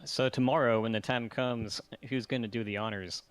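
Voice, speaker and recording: A man playing in a tabletop game, reading aloud and speaking in character in a measured, earnest way. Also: mid-range voice, steady tone, clear, resonant tone, no echo. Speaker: player.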